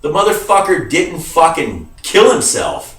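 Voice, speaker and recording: A man's voice: on the high side, sing-song, measured pace, fairly bright tone, recorded from a distance. Swearing, agitated man in a roomy space. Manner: heavy swearing, emphatic, calls viewers dude. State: grieving and agitated. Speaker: vlogger. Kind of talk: emotional rant to camera. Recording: roomy sound from away from the mic.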